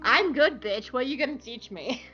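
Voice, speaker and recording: A brash, battle-hardened male agent, as a woman puts him on, cocky and dismissive. He speaks slowly, with lively swings in pitch. The audio is a little dull. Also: soft background music.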